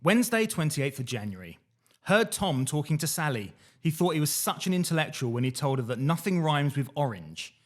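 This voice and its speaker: A man hosting a podcast, reading diary entries in a dry, deadpan way between casual chat. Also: a little high, fairly quick. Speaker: podcast host reading diaries.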